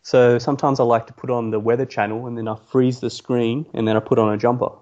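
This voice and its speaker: A man co-hosting a casual comedy podcast, delivering a joke deadpan. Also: mid-range voice, fast, muffled recording. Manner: deadpan, setup-and-punchline delivery. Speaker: podcast co-host.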